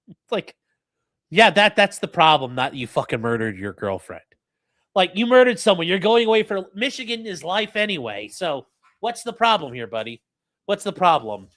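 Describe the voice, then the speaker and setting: A man's voice: a little high, very animated, moderate pace, fairly bright tone. A man hosting a livestream, reading from a statement and mocking it with profane, sneering commentary. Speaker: livestream host.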